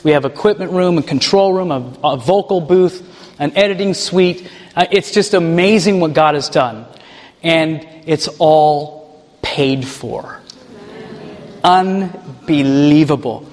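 Guy with a high voice telling his faith story, chuckling, lots of echo like a big hall. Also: slow. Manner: animated, chuckles while telling stories. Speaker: ministry leader. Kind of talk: personal testimony storytelling.

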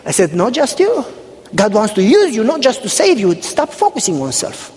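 A male pastor delivers a sermon in a high, very expressive voice that leaps up and drops low as he plays out the people in his story. He sounds middle-aged and speaks to a congregation. The sound carries a long reverb from the church hall. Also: moderate pace. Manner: animated storytelling, acting out dialogue.

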